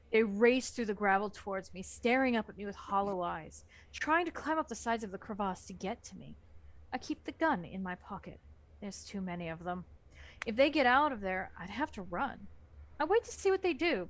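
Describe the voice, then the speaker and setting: A woman reading a horror novel aloud for a book club, narrating expressively. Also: mid-range voice. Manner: expressive narration with lively swings.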